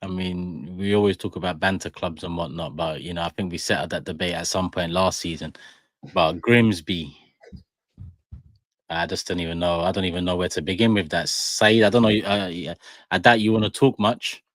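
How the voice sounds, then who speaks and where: Man, low voice, dry close sound, casual football podcast host, slangy and upbeat. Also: steady tone, normal speed, dry recording. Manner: laid-back, slangy, hype-building. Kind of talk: casual football panel chat.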